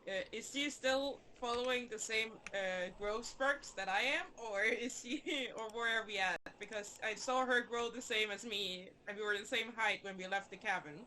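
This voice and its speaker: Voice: mid-range voice, normal speed, few pauses, bright, forceful tone, a little hiss or hum. A player in a tabletop game asking questions hesitantly, with fillers and restarts.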